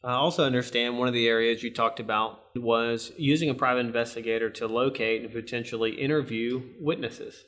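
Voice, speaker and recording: A man's voice: mid-range voice, fairly even intonation, a bit bright. Polite male interviewer. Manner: polite, summarizing, slightly halting. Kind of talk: professional interview.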